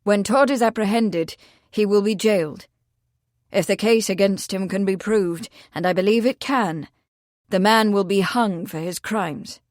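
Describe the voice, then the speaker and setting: A woman's voice: mid-range voice, a little slow, no echo, studio quality, close to an everyday voice. A woman voicing a grim, stern male village constable who speaks firmly and without pity. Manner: grim, firm, forceful.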